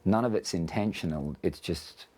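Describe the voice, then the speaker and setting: A man's voice: low voice, moderate pace, mellow, slightly rough. An Australian man in a casual interview, talking reflectively and explaining his ideas through extended analogies. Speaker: interviewed musician.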